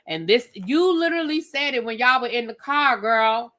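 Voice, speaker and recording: Woman streamer, bright higher voice, sassy chatty host reviewing reality TV live. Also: lively intonation, a little slow. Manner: chatty, sassy, addresses viewers as girl and y'all.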